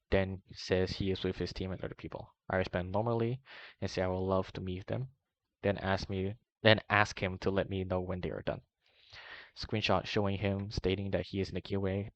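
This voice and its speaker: A man reading a long document aloud in a steady way, now and then stumbling and correcting himself, in a dull, slightly muffled recording. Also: low voice. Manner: steady reading with small slips and self-corrections. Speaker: reader of a document. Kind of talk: long read-aloud narration.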